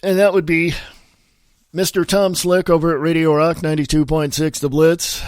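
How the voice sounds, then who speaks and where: A man's voice: fairly high pitch, level tone, moderate pace, darkish tone, no room sound, studio quality. A man hosting a casual solo podcast, congested and sniffly from a sinus infection, rambling loosely and mumbling his asides. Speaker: podcast host. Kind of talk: casual solo podcast with read-aloud articles.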